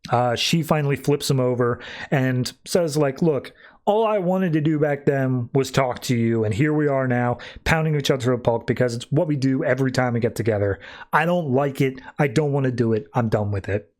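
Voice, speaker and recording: A man's voice: mid-range voice, normal speed, a little mellow. A man co-hosting a podcast, recapping a comic story in a casual, filler-heavy way and briefly voicing the characters as he quotes them. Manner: retells the plot, quoting characters in brief put-on voices. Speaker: podcast co-host.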